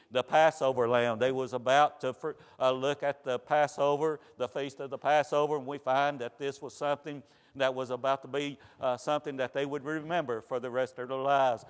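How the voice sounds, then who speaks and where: A man's voice: mid-range voice, smooth. A man preaching a sermon, giving earnest testimony that rises to fervent emphasis. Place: church sanctuary. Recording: church hall reverb.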